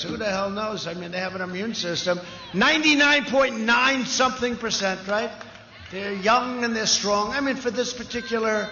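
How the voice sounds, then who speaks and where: A man's voice: sits high, sharp tone, a little hiss or hum. A man giving an off-the-cuff rally speech, rambling and boastful with digressive asides. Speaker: speaker at a political rally. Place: large rally venue. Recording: echoey lo-fi rally sound system.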